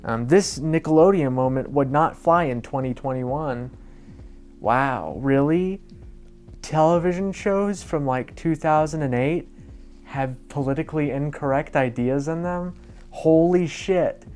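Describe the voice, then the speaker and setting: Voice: medium pitch, measured pace, a little mellow, faint music behind. A vlogger giving casual reaction commentary in a rambling, sarcastic way, swearing freely and mocking himself as he goes. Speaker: commentary YouTuber.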